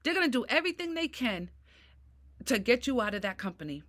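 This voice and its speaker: This is a venting monologue from a middle-aged woman who vlogs about mental health; she swears and keeps saying "right?". Her slightly high, a bit bright voice is very animated and brisk.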